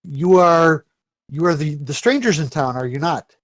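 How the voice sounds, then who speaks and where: A startled, kindly old village priest who stammers his way through each line, his voice sitting fairly high, as a game master puts him on. The sound is dry and close, like a tabletop game played over a microphone. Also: expressive, moderate pace, dry recording. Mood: flustered. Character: nervous kindly village priest, male, older.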